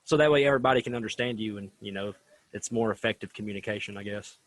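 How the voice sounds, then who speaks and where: A man hosting a casual talk show, thoughtful and relaxed, often hedging his points. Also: lowish voice, fast, no room sound. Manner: relaxed, reflective, many hedges. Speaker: host. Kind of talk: casual chat.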